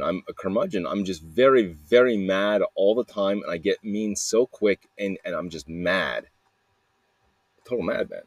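A man's voice: fairly low pitch, no echo. A man hosting a podcast, rambling through a personal monologue with frequent swearing and flashes of anger. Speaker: podcast host.

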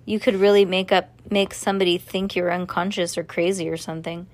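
A woman's voice: on the low side, steady tone, a little fast, close to an everyday voice. A woman reading aloud and voicing an eager, brave young girl held prisoner.

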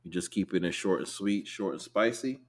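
A man co-hosting a podcast in casual chat, reacting quickly and cutting in. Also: low-pitched. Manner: animated, quick to react and interrupt. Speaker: podcast co-host.

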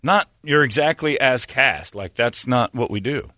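A man hosting casual studio banter, an animated storyteller who swings his pitch around. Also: unhurried, dry recording. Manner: animated storyteller, jumpy pitch, mock voices.

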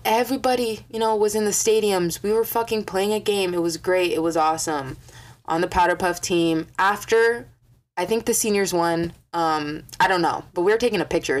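A young woman telling a story in a casual vlog, swearing a lot and acting out quotes with animated energy. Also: on the low side. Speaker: vlogger.

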